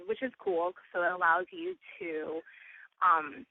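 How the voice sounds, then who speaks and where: A woman's voice: lowish voice, animated, unhurried. A woman co-hosting a podcast, chatting casually with many fillers. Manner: chatty, filler-heavy, laughing easily. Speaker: podcast co-host. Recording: tinny phone-like sound.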